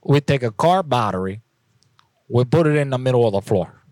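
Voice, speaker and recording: A man puts on a prank caller with a jumbled mix of foreign accents who speaks in broken English. He presses the same baffled questions over and over at a middle pitch. The voice is close and dry. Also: animated, darkish tone, no echo, close to an everyday voice. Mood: insistent. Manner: halting, baffled, pushy questions.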